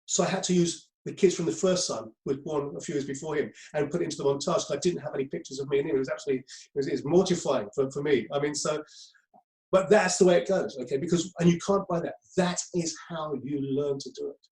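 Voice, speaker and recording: Give me a man teaching a group in a roomy, echoing space. His voice sits a little high for a man, and he talks in a loose, conversational way, stumbling over repeated words. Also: fast talker, darkish tone. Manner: conversational, repeats himself, many ums. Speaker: crisis management trainer. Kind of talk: lecture to a group.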